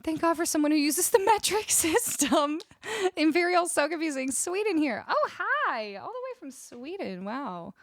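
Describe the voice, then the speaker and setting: A young Canadian music streamer with a Canadian English accent chats casually with her live stream viewers, laughing often and reading their messages aloud. Her voice sits high and sing-song at a moderate pace, recorded on a studio vocal mic with studio quality and no echo.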